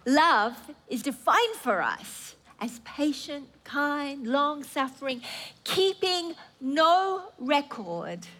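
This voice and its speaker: A woman's voice: high-pitched, sing-song, extremely slow, bright, forceful tone. A woman preacher delivering an earnest sermon with emphatic repetition.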